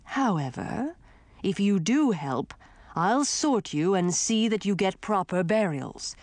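A stern ghostly old king speaks in a storybook with slow, solemn, menacing weight. A woman reader puts him on, dropping a little lower and slowing right down. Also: lively intonation, a little mellow, no room sound.

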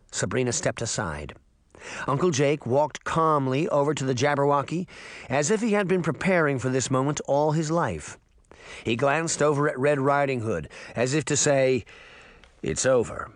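A man narrating a storybook aloud with an expressive reading. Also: on the high side, no echo, studio quality. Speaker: audiobook narrator.

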